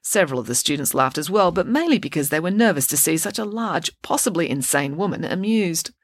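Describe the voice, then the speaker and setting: A woman narrating a children's audiobook in a lively, expressive way. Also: lowish voice, a little fast, no room sound.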